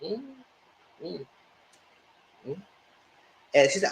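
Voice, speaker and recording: A man giving blunt, profane live commentary on reality TV episodes, acting out cast members' lines in high voices. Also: sing-song, measured pace, pauses often, roomy sound, rough recording. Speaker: reality TV reviewer. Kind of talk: live casual recap commentary.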